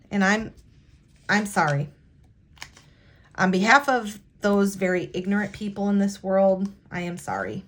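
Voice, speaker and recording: Halting, sincere American woman vlogger. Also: medium pitch. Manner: halting, hesitant, with frequent restarts and sighs; sincere and heartfelt. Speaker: planner vlogger. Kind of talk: casual chat while decorating a planner.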